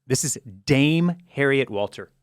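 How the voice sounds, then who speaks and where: A man's voice: medium pitch, unhurried, clear, resonant tone, no echo, clean studio sound. Casual man co-hosting a TV recap. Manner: animated, piles up fillers and false starts. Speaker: podcast co-host.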